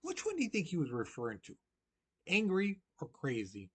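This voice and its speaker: A man's voice: a little high, wildly swooping pitch, moderate pace, breathy edge. A man teaching a recorded history lesson in a casual, chatty way, full of "you know" and direct questions to his students.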